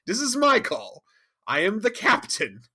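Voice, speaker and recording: Guy doing a fed-up lady starship captain, blunt and sweary, bright voice. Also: high-pitched, huge pitch swings, measured pace, breathy edge, pitched above the performer's own voice, full character voice. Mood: insistent. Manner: blunt, scolding, profane.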